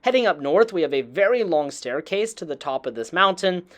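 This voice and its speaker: An enthusiastic host talks through a game walkthrough in a casual voice-over, dropping mild slang along the way. The pitch swings in a lively, animated way while the tone stays relaxed and chatty. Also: brisk. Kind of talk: casual gameplay voice-over narration.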